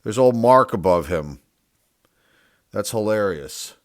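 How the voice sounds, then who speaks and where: This channel host, a sports card collector, takes his time reading names one by one, with lively intonation in a voice on the low side. He comments casually, wonders aloud, and sometimes isn't sure how a name is said, all in studio-quality sound with no echo.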